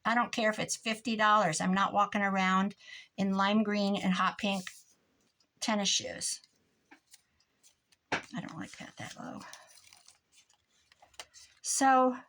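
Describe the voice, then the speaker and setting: Medium in pitch and slightly bright, this voice belongs to an older woman chatting as she works on a craft project. A crafting vlogger, she rambles and grumbles in a joking way.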